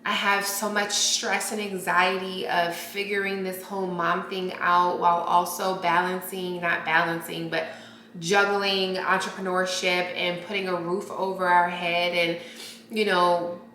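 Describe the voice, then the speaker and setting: Excitable woman vlogger gushing at her camera, kinda slow delivery, echoey room. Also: lowish voice. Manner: gushing, exclamatory, often addressing viewers as y'all. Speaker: lifestyle vlogger. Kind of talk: excited unboxing chat to camera. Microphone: camera mic. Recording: roomy echo with faint noise.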